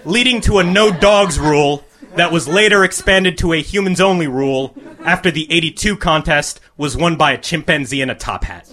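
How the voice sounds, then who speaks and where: A man reading a crude comic short story aloud to a live audience, with a deadpan delivery. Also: fairly high pitch, moderate pace, noisy background.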